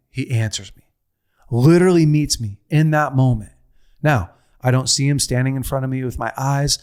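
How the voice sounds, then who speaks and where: Speaking from the heart on a men's ministry program, a middle-aged man shares a personal story as a teaching talk. His voice sits at medium pitch, and he repeats himself, restarts, and shifts between slow and rushed delivery.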